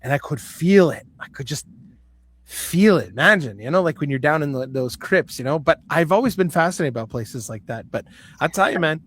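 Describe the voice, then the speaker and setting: A man telling a story in casual chat, animated and swearing freely. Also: on the high side, fairly quick. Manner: animated, swears freely, acts out quoted voices. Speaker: guest.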